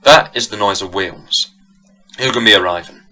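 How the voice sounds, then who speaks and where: A man voicing a gruff, dismissive old country squire in a vintage horror storybook reading. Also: fairly low pitch, moderate pace, pushed and bright.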